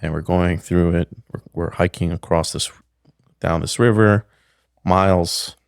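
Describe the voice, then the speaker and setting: A man's voice: low-pitched, fairly even intonation, measured pace, gravelly, clean tone, no room sound. A middle-aged man, a podcast guest, telling a story casually, rambling, with many restarts, on a close studio mic. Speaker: podcast guest, pickle maker.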